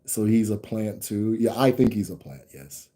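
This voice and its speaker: A young man from the United States answers viewer comments on his casual livestream, rambling with restarts and laughter. His fairly low, warm voice is animated, and he keeps a moderate pace.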